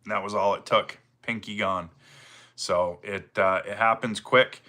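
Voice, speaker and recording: A middle-aged man with a Maine accent, hosting a relaxed livestream, greeting viewers by name and chatting with plenty of fillers. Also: lowish voice, measured pace. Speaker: livestream host, firewood seller. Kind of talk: casual livestream chat reading viewer comments.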